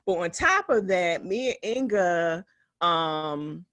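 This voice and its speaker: A woman with a lowish voice speaks at a slow pace, no echo. In her forties, from West Philadelphia, she's a physician co-hosting a casual podcast. She tells stories with animation, laughing often and acting out quotes.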